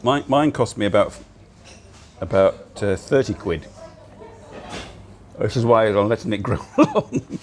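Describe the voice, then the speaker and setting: A middle-aged man, talking into a laptop at a cafe. His voice sits fairly low but swings widely and animatedly in pitch as he chats, laughing often and teasing himself. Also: animated, a little slow, pauses often, slight background noise. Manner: chatty, laughs often, self-mocking. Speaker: livestream host. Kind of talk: casual chat livestream.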